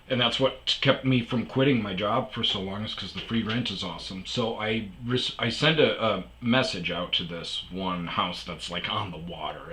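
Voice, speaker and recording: A middle-aged man with a very low, forceful voice hosts his own storytelling show and rambles through a personal tale. He restarts sentences often and leans on fillers. When he quotes other people he acts them out loudly, then sinks back to a low, quiet mutter. A faint hiss sits behind him. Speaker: podcast host.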